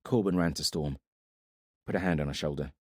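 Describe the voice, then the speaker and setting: A man narrating a fantasy audiobook in a dramatic, steady manner. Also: rumbling low, brisk, dry recording, clean studio sound.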